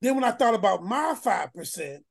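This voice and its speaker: A man's voice: high voice, big pitch swings, moderate pace, creaky. A man telling a story in an emphatic, slangy way. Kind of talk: casual storytelling.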